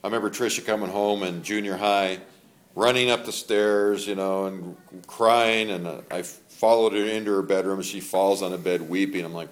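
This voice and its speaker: A man's voice: on the low side, steady tone, moderate pace. An older man giving faith-based parenting advice in a rambling, casual way, laughing as he tells family stories.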